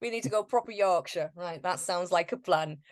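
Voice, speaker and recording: A woman's voice: fairly low pitch, a little fast. A woman hosting a casual interview podcast, laughing often as she chats. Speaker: podcast host.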